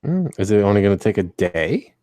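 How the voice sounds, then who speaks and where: A man's voice: on the low side, very animated, brisk, warm tone, no echo, studio quality. A man co-hosting a casual chat, tossing in playful jokey asides.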